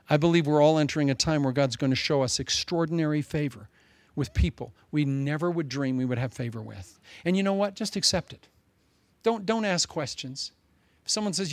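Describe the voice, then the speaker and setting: A male pastor preaching a sermon, telling a story with lively, humorous asides. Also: fairly high pitch, a little fast, dry recording.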